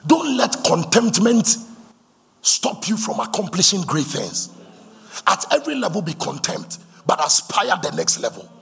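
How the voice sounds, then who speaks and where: A man's voice: high-pitched, sing-song, a little slow, gravelly, fairly bright tone. A man preaching a sermon, fervent and repetitive, leading the congregation in call-and-response.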